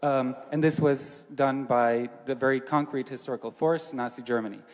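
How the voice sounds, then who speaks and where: A man's voice: mid-range voice, steady tone, moderate pace. Man debating in an echoey hall. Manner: emphatic, repeats his key point. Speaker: debate speaker presenting a proposal. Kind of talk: argumentative public debate.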